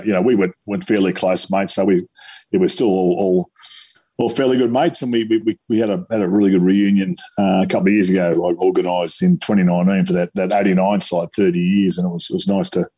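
A lower-pitched Australian man with a husky edge to his voice, reminiscing in casual chat. He stops and restarts often, leaning on fillers. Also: steady tone, a little mellow. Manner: halting, lots of fillers and repeats. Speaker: former rugby player, guest.

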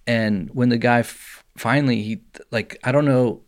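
A man in the middle of his voice range, telling a story on a podcast. He talks casually and keeps it lively, and he often breaks into laughter. His pace and pitch stay at an ordinary everyday level. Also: moderate pace. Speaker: podcast co-host.

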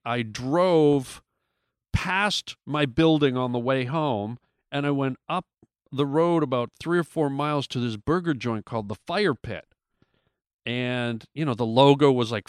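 A man's voice: medium pitch, clear, resonant tone, dry recording. Comedian guy spinning a story, lots of restarts and voices, dry close mic. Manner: animated, restarts and acted-out quotes. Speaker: guest comedian. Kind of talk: casual storytelling.

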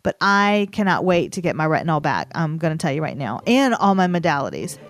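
A woman's voice: low voice, fairly quick, dry recording, studio quality. A pregnant esthetician in her forties co-hosting a podcast, chatting casually and reading an ad. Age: 40s. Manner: relaxed, chatty, spells out web addresses in the ad read. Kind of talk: casual podcast chat with ad read.

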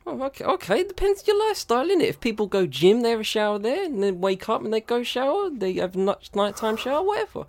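A woman's voice: on the high side, big pitch swings, fast, hardly any pauses, slight background noise. A woman co-hosting a podcast, joking defensively in casual banter full of slang and swearing. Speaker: podcast co-host.

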